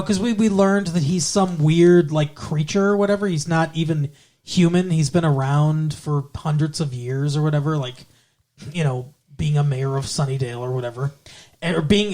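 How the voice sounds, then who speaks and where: A man with a slightly raised pitch, chatting casually as a podcast co-host. He rambles through his recap and loosely peppers it with swearing and filler words. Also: normal speed, a little mellow. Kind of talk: casual chat recapping a TV episode.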